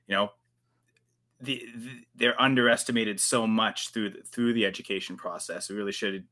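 A man's voice: lowish voice, steady tone, moderate pace, bright, forceful tone. A Canadian man hosting a casual livestream podcast, who rambles with restarts and fillers. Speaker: podcast host.

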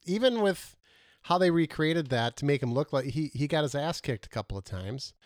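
A man's voice: a little high, expressive, moderate pace, no echo, clean studio sound. A man co-hosting a casual movie review chat, rambling and losing his words mid-sentence.

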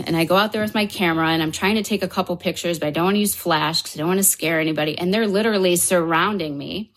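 A woman, a podcast guest, telling a personal story in casual conversation, animated and full of fillers, acting out other people's lines. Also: fairly low pitch.

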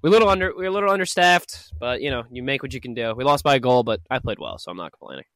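A man's voice: mid-range voice, animated, very fast, a bit bright, no room sound. A young man co-hosting a casual sports podcast, joking and laughing often. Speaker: podcast co-host.

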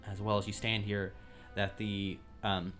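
A low-pitched man narrates a tabletop adventure as game master and pauses often with ums. Soft music plays faintly behind him. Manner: relaxed, many ums while describing.

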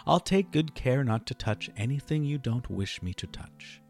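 A man's voice: mid-range voice, lively intonation, normal speed, darkish tone, soft background music, lightly acted. A man voicing a careful, dutiful young king's daughter in a fairy tale, answering with earnest reassurance.

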